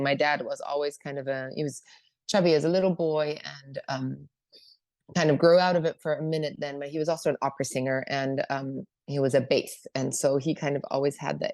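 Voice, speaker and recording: A woman sharing her recovery story at a meeting, emotional and hesitant, with many pauses and fillers. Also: low voice, a little mellow, dry recording. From Germany. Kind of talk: personal testimony at a meeting.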